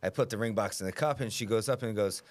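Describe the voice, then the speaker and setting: Low-voiced joking male host. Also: fast talker, slight background noise. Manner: jokey, affirming. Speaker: podcast host. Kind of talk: casual interview chat.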